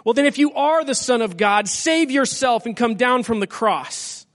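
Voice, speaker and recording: A man's voice: extremely high pitch, animated, normal speed, long reverb tail. A man reading the taunting lines of a mocking crowd in a church scripture reading. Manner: sneering, mocking. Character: jeering crowd of male mockers.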